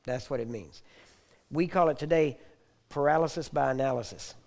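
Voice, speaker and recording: Mellow-voiced man preaching a teaching sermon. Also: mid-range voice, moderate pace. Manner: repetitive, asks the audience for agreement; clears throat now and then.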